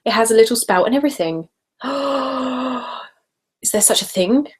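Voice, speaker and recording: A woman's voice: on the high side, expressive, very fast. Chatty English woman in a live stream. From Essex, England. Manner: chatty and giggly, dropping into soft whispers at times. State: sipping wine while talking. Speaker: ASMR creator hosting a live hangout. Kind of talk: casual live-stream chat reading viewer comments.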